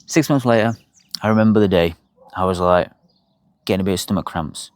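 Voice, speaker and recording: A man's voice: low voice, fairly quick, no room sound. A young man, bluntly telling his own health story to camera, swearing freely. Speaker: health vlogger.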